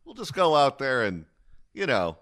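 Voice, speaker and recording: A male talk radio host riffs sarcastically on air, his pitch rising and falling freely. The studio sound is close and dry. He talks in quick banter. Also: dry recording. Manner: animated, sarcastic.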